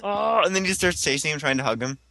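A man tossing in wry, quick remarks in casual chat. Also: a little high, animated, gravelly, sharp tone, no room sound.

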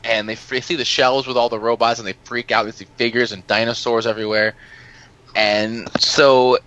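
A man's voice: mid-range voice, level tone, normal speed, fairly bright tone, slight background noise. A man casually telling long, rambling stories on a podcast, swearing freely and laughing at his own anecdotes. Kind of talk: casual storytelling chat. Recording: dull lo-fi sound.

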